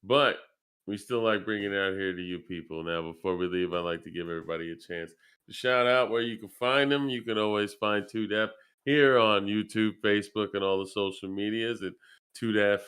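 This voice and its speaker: Tired, easygoing man hosting a gaming podcast; smooth, clear voice. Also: lowish voice, a little fast, a bit bright. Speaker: podcast host and player. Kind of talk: casual outro chat.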